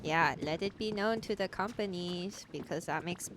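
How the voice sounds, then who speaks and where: Over game music and a noisy background, a woman with a lowish voice talks at a moderate pace during her gameplay livestream. She chats casually with viewers, uses filler "likes" constantly, and laughs at herself.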